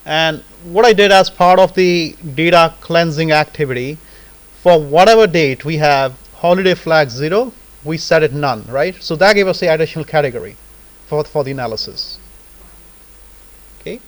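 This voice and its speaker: A man's voice: fairly high pitch, normal speed, low-quality recording. Man lecturing, peppering with "right?". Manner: casual, repeats "right?" and "okay?" as check-ins. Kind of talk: live software tutorial lecture.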